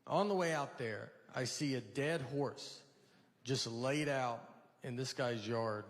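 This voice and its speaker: A man performing a stand-up routine, telling rambling stories in a halting, deadpan way. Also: mid-range voice. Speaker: stand-up comedian. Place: large venue with a live audience. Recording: live stage mic in a reverberant hall with audience noise. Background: audience laughter.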